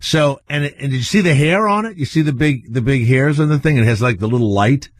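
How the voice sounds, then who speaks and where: A man's voice: mid-range voice, brisk. A man hosting a radio show, chatting casually, rambling and asking questions.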